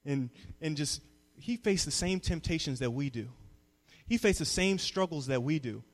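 A young man preaching a sermon as a youth pastor, moving from calm teaching to loud call-and-response. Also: on the high side, normal speed. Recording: long reverb of a hall.

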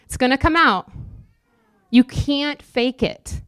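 A woman's voice: on the high side, animated, normal speed, smooth, no echo. A woman preaching a sermon, emphatic and repetitive, acting out quoted inner voices.

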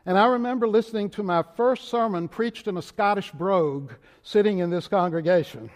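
An older man with a Virginia drawl speaks from the pulpit, slow and deliberate, his somewhat high voice carrying through the long reverb of a large church sanctuary. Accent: Southern US, Richmond Virginia. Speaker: moderator of denomination preaching. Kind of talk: sermon.

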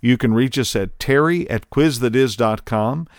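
A middle-aged man hosting a podcast, telling a personal testimony in an earnest storytelling way, with pauses and fillers. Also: medium pitch, no echo, studio quality. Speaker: podcast host.

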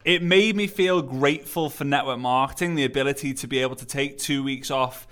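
A man from England with an English accent and a slight lisp, hosting a solo motivational podcast in an emphatic, energetic way and repeating key phrases, still recovering from an illness. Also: mid-range voice, fairly quick. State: recovering from illness, not fully well. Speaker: podcast host.

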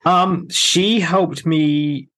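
A man's voice: on the high side, fairly even intonation, drawn-out words, fairly bright tone. A man, a guest on a podcast who talks hesitantly about being a new Santa performer. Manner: hesitant, tentative.

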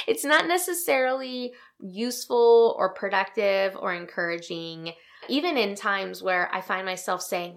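Soft-spoken woman with vocal fry. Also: mid-range voice. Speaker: podcast host. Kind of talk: devotional podcast teaching.

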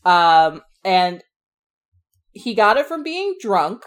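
A woman co-hosting a casual book discussion, relaxed, adding background explanations. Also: mid-range voice, slow. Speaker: book podcast co-host.

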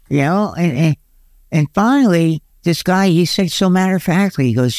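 A man's voice: animated, moderate pace, darkish tone, no room sound, studio quality. A middle-aged man telling his recovery story in a folksy, self-mocking way and often laughing at himself. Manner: folksy, self-mocking, quotes sayings in a deeper voice. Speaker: guest. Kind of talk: candid storytelling about recovery.

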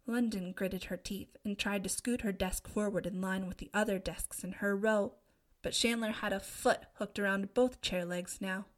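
A woman narrating a young adult story in a steady, expressive reading voice. Her pitch sits in an ordinary middle range. The delivery is smooth and scripted. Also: normal speed. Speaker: audiobook narrator.

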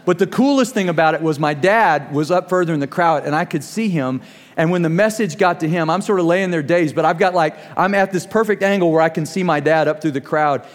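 A middle-aged man delivers a sermon in a slightly raised voice. He tells stories and acts out quotes, then slows down to press his points. A long reverb from the hall trails behind every phrase. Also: on the high side. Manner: storytelling with acted quotes, slows for emphasis. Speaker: pastor.

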